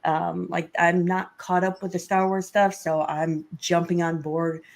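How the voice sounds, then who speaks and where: Low-voiced woman, voice still rough. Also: a little slow. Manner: relaxed, many fillers. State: voice recovering from illness, rough. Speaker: panelist. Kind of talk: casual panel chat.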